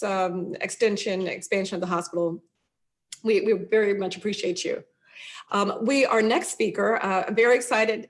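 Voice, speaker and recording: Woman council member moderating; halting, filler-heavy delivery, mid pitch. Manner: halting, many fillers and restarts. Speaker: host, local council member. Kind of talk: moderating an online event.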